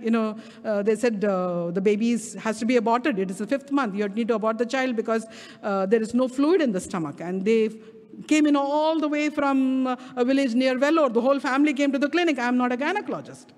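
A middle-aged woman with an Indian English accent preaching a sermon at a prayer meeting, stretching key words slowly for emphasis. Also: fairly high pitch, a little mellow. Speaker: guest speaker. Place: church prayer hall. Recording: reverberant hall.

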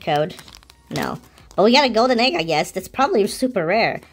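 A woman hosting a casual unboxing video, chatty, excitable and slangy, with gasps and giggles. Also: medium pitch, a little fast, husky. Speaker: channel host.

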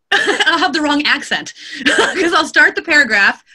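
A woman audiobook narrator chatting in an interview. Her voice sits high with a bright edge. She talks in an animated way, laughs easily and slips into acted quotes. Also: unhurried. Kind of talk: interview conversation. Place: home studio.

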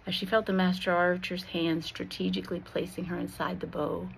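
A woman with a low voice tells a Christian allegory in a slow, expressive style and leans into every dramatic beat. A faint hiss of noise sits beneath her voice. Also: vocal fry, poor audio. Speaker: storyteller.

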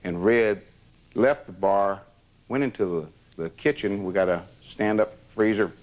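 A man's voice: on the low side, unhurried, a little mellow. An older man in an interview, recounting past events in a plain, matter-of-fact way. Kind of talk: recounting stories.

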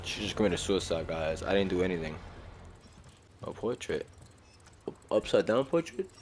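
A man riffs through a horror game in loose, slangy commentary, often jumping into startled yelps. His voice sits on the low side, with faint room sound behind him. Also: animated, normal speed, background noise. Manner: slangy, jumpy, with sudden startled outbursts. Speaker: gaming video host. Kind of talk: casual let's-play commentary.

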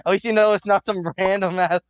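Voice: mid-range voice, level tone, fast, no room sound, lo-fi sound. A fellow player in casual gaming chat, teasing and laughing, and apologizing between jokes.

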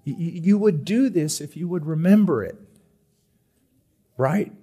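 Man preaching with loud and hushed swings. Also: on the high side, lively intonation, a little slow, slightly rough. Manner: swings from loud emphatic reading to soft, hushed pleading. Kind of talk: sermon. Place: conference hall.

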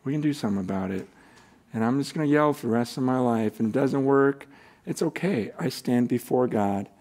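A middle-aged man preaching a sermon as a pastor, impassioned, swinging from shouting to quiet prayer. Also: medium pitch, brisk. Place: church hall.

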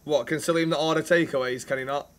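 A man streaming a police role-play game, loud and cheeky, swearing freely and reading out chat shout-outs. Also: a little high, fairly even intonation, quick pace. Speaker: streamer playing a police officer.

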